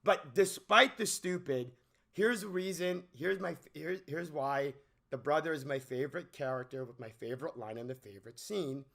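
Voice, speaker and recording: A man's voice: on the high side, normal speed, gravelly, a bit bright. A man hosting a movie commentary channel in an unscripted rant, rambling and restarting his sentences, asking incredulous questions. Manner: rambling, with many restarts and stammers.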